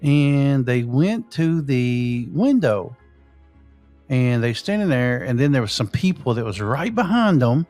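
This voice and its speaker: A man's voice: medium pitch, sing-song, unhurried, a little mellow, faint music behind. A man, the show's host, casually telling a ghost story in a rambling way with lots of fillers. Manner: rambling, full of "you know" fillers.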